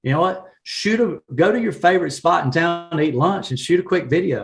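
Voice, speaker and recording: A man with a Southern accent from South Carolina, talking in a folksy, animated way with frequent laughs in a casual live-stream chat. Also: a little high, a little fast, creaky, hardly any pauses. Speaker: guest, real estate agent.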